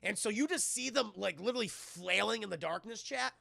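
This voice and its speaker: A man giving a casual, profane livestream film review, excitable and often talking to his chat while acting out characters in loud voices. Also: high-pitched, brisk, vocal fry, no room sound.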